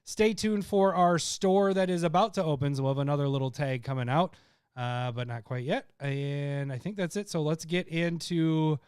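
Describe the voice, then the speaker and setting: A young man co-hosting a podcast, chatting casually and laughing between his points. His voice is smooth and slightly higher than most men's, and the sound is close and dry with no room around it. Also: steady tone, normal speed, a little mellow, no room sound. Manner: laughs often, rambling and joking. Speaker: podcast co-host. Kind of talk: casual chat.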